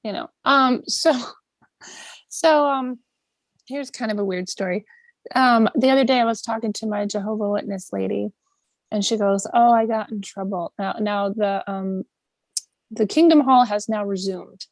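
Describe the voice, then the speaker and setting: A woman's voice: medium pitch, normal speed, no room sound. A woman co-hosting a casual podcast chat, telling stories animatedly and acting out the people she quotes. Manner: lively storyteller, acts out quoted voices. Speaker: podcast co-host.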